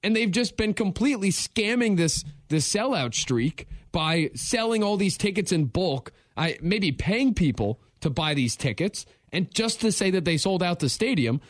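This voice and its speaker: A man's voice: high-pitched, lively intonation, moderate pace, few pauses, no echo, studio quality. A man co-hosting a sports radio show, talking in a wry, rambling, joking way. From not from the show's town. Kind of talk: casual sports radio chat.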